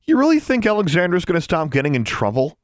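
A man reading an audiobook, voicing a brash teenage boy who teases his friends loudly. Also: mid-range voice, very animated, a little fast, dry recording, studio quality, close to an everyday voice. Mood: mocking laughter. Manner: loud guffawing teasing, then grumbling. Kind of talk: audiobook character voice.

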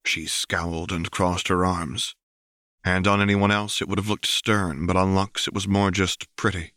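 A man with a deep voice narrates a story in steady, measured storytelling. His tone is bright and forceful, and the recording is dry and close, with no room around it. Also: no room sound. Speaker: audiobook reader.

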